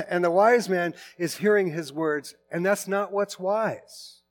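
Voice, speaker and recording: A middle-aged man preaching in a relaxed, conversational sermon, often restarting and correcting himself mid-sentence. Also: sits high, takes it slowly, soft background music. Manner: informal, with frequent restarts and self-corrections. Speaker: pastor.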